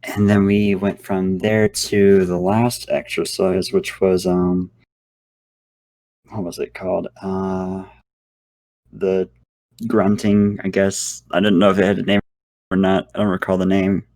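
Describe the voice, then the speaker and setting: A man's voice: deep voice, little pitch movement, a little slow, a little mellow, no echo. A man going over lesson notes as a voice student, hesitant and searching for words.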